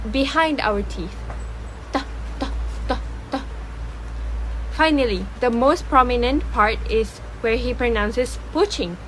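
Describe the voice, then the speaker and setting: Woman explaining pronunciation, fairly high voice. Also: fairly bright tone, a little hiss or hum, low-quality recording. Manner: explanatory, demonstrates sounds. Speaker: student presenter.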